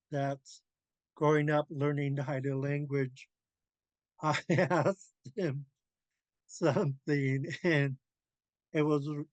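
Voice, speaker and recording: Slow, careful man teaching pronunciation. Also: a little high, dry recording. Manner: slow, careful drilling of pronunciation with frequent laughs. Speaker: language teacher. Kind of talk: classroom language lesson. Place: classroom.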